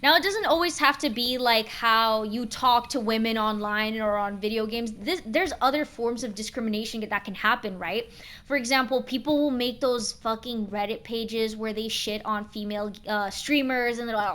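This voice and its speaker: A woman's voice: fairly high pitch, normal speed. Slangy, swearing young woman streamer. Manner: expressive, swears freely, slangy asides. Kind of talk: casual chat while gaming.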